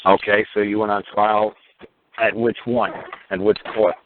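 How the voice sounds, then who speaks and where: A low-voiced man hosts a call-in talk show, blunt and sarcastic and quick to swear. His voice comes through a tinny phone line with a faint hiss behind it. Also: level tone. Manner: blunt, profane and sarcastic, rising to ranting.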